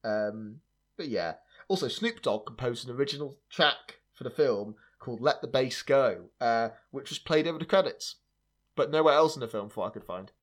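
Man, podcast host, casual chat, wry, sarcastic, middle pitch, lots of fillers. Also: animated, normal speed. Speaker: podcast host sharing film trivia.

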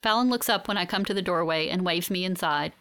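A woman narrating a first-person audiobook in a measured, even way. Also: on the low side, clean tone.

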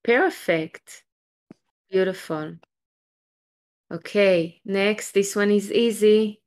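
A woman's voice: medium pitch, extremely slow, darkish tone. A woman from Israel, teaching a live online Hebrew class over a video call, patient and encouraging as she sounds out each letter step by step.

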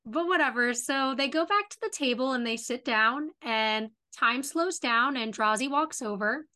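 A woman's voice: high-pitched, normal speed, pushed and bright. A woman co-hosting a podcast, casually retelling an episode's plot and quoting the characters' lines along the way. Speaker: podcast co-host. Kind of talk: casual recap chat.

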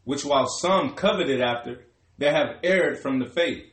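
A man reading verses aloud in a steady, formal way during a sermon. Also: on the high side, unhurried, roomy sound. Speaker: scripture reader.

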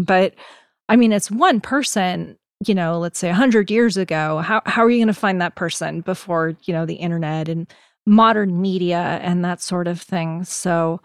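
A woman's voice: medium pitch, dry recording. Podcast host, woman, easygoing storyteller, dry close-mic sound. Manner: storytelling, laid-back with fillers. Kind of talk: casual podcast chat.

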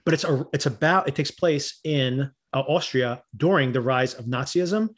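A man's voice: medium pitch, normal speed. A man co-hosting a podcast, recapping a TV episode in casual chat, rambling with restarts and frequent laughter. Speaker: podcast co-host.

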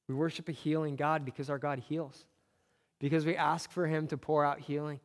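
A man's voice: fairly high pitch, level tone, moderate pace. A man preaching a sermon as a pastor, earnest, with repeated phrases that build on each other. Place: church sanctuary. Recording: long reverb of a church hall.

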